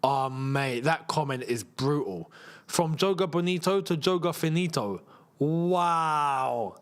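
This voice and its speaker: A young man hosting a live football watchalong, chatting casually and reacting loudly to chances on the pitch. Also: normal speed. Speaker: football channel host. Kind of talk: live match watchalong chat.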